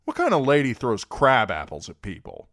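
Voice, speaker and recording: A man voicing a gruff, sarcastic young smith in a storybook reading, grumbling and sullen. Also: mid-range voice, huge pitch swings, normal speed, a bit bright, dry recording, clean studio sound, pitched above the performer's own voice, heavily acted.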